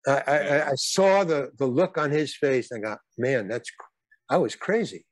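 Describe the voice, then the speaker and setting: An older man with a fairly high voice spins a rambling, halting anecdote full of restarts. The recording is dry and close, with no room sound. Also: animated, no echo. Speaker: guest. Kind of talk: casual storytelling.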